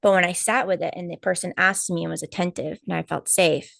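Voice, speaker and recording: A woman co-hosting a live stream, telling a personal story in casual chat, animated and full of fillers and quoted asides. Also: lowish voice, fairly quick, creaky, no room sound, clean studio sound. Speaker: co-host of a spiritual healing live stream.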